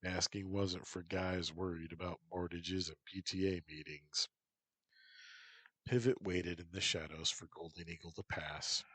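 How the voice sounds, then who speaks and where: A man narrates a story in a slow, steady reading. His voice is deep and husky. The sound is dry and close. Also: no echo, low-quality recording.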